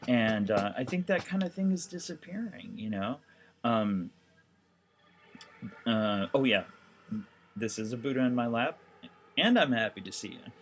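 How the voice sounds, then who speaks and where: A man's voice: medium pitch, animated, unhurried, pauses often, slight background noise. A seriously ill man talking casually to the camera, rambling and heartfelt with lots of fillers. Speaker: documentary vlogger.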